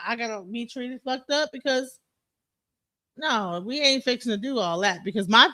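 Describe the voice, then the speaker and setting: Heated, profane Detroit streamer with a bright voice. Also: mid-range voice, no room sound. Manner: heated, profane, blunt, with frequent restarts. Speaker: livestream host. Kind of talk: casual profane livestream rant.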